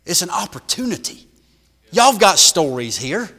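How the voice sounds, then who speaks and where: A man preaching a sermon in a church, shifting from loud emphatic bursts to hushed lines. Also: high voice, big pitch swings, normal speed, in a large hall. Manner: emphatic preaching with big swings in volume.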